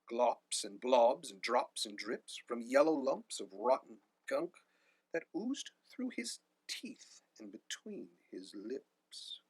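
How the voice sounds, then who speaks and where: Animated storybook reader, husky and bright. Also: male voice, medium pitch, no room sound. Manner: animated rhyming read-aloud. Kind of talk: reading a picture book aloud.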